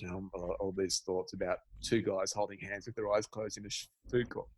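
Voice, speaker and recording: A man's voice: on the low side, fairly even intonation, a little fast, hardly any pauses. A man in his forties, a meditation teacher, telling a candid, reflective story as a podcast guest, with frequent restarts. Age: 40s.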